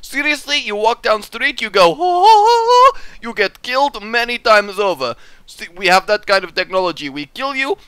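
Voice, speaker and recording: A grim, boastful foreigner drops his articles and brags in a flat deadpan, as a man puts him on. His voice is high and bright, and the recording is close and dry. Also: moderate pace, clean tone, no room sound, poor audio. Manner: broken English, dropped articles, deadpan bragging. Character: grim boastful man from a harsh unnamed country.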